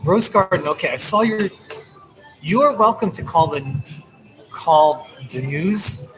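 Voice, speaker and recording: A man's voice: a little high, expressive, measured pace, low-quality recording. A man live streaming from a coffee shop, chatting casually and animatedly with his viewers and laughing often. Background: music playing.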